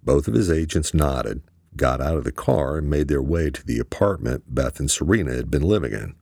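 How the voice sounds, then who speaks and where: A male audiobook narrator with a very low, gravelly voice. He keeps a steady, matter-of-fact pace through the story. The recording is dry and close. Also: moderate pace, dry recording. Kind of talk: scripted narration.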